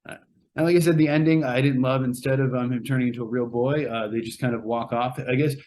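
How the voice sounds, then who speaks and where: A man casually reviewing a movie on a podcast, rambling and hesitant, with many pauses and fillers. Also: medium pitch, fairly even intonation, a little mellow. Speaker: podcast co-host reviewing a film. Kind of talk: casual spoken film review.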